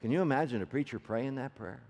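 A man preaching a sermon as a story, swinging from loud peaks to hushed low tones and asking the audience rhetorical questions. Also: animated, fast. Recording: long reverb of a large hall.

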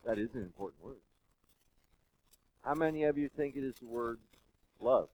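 A man preaching a sermon who keeps asking the congregation questions and swings between soft and loud. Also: medium pitch, normal speed, lo-fi sound, slight background noise. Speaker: pastor.

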